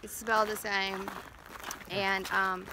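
A woman's voice: mid-range voice, flat delivery, slow pace, background noise. A woman from Alabama with a Southern accent, co-hosting a casual chat in a wry, chatty way. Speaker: co-host.

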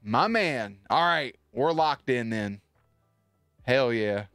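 A man's voice: mid-range voice, lively intonation, takes it slowly, a bit bright, faint music behind. A man streaming live, chatting loosely and swearing as he tells a story to his viewers, with many restarts.

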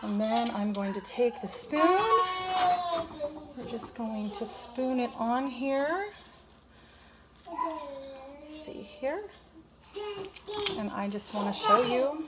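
A woman's voice: a little high, slow pace, long pauses. A woman chatting casually as she cooks at home, cooing to her baby in between. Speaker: cooking vlogger and mother. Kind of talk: casual cooking vlog chat. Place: home kitchen. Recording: noisy home recording. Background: baby crying.

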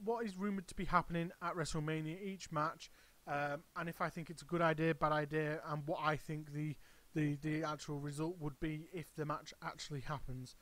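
A man's voice: on the high side, fairly even intonation, a little fast, hardly any pauses, a bit bright. A man hosting his own channel, giving casual, rambling commentary full of hesitations and restarts. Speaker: wrestling channel host.

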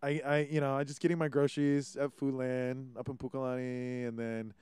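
A man's voice: mid-range voice, little pitch movement, fairly quick, darkish tone, clean tone, no echo. A young man with a Hawaiian accent hosting a casual podcast, rambling and ranting with plenty of swearing. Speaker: podcast host. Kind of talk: casual monologue.

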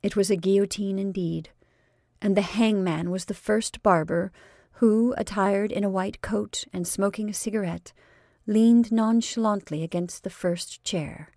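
A woman reads a classic short story aloud, measured and expressive. Her voice carries a gravelly fry. The sound is dry and close. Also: medium pitch, no room sound.

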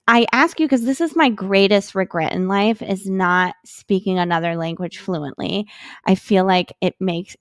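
A woman's voice: medium pitch, clean tone, no room sound, studio quality. A woman from the United States, a podcast guest, talking in a chatty, filler-heavy conversational way. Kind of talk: casual conversation.

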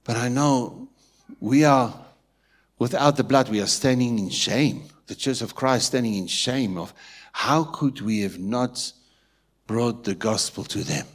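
A man with a South African Afrikaans-tinged accent preaching a sermon in church, swinging from hushed asides to loud emphatic lines and often asking if the congregation is with him. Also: mid-range voice, a little slow. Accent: South African English, Afrikaans-influenced. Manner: keeps checking in with the congregation. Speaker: pastor.

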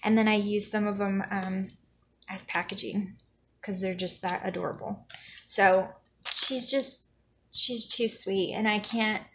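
Young woman gushing over happy mail, gravelly voice, hissy home recording. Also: mid-range voice, steady tone, unhurried, a bit bright. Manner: gushing, effusive, lots of "like" and restarts. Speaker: vlogger. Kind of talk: casual chat.

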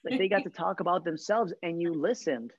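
A man's voice: sits high, brisk, slightly rough, lo-fi sound. A man, a real estate trainer, talking in a casual upbeat way and joking as he acts out small talk. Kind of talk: casual podcast chat.

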